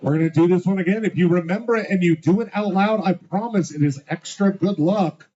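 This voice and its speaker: Man, bingo caller, rhyming one-liners, slightly high voice, muffled lo-fi recording. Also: mellow. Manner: playful, punchy one-liners, slows to spell out each number. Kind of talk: live bingo calling with rhyming jokes.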